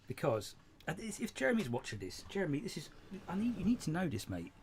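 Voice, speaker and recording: A man hosting a casual live stream from his model railway, chatty, jokey and excitable. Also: on the high side, fast, slight background noise. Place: indoors at a model railway layout.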